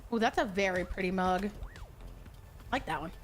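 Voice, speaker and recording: A woman's voice: medium pitch, moderate pace, faint music behind. A young woman streaming a game, chatting casually with her viewers, giggly and crude. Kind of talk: casual gaming stream chat.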